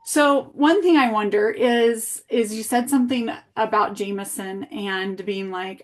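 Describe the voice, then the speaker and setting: A woman working as an early childhood coach, reflecting back and asking gentle guiding questions in a coaching conversation. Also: fairly high pitch, a little slow, hardly any pauses, background noise.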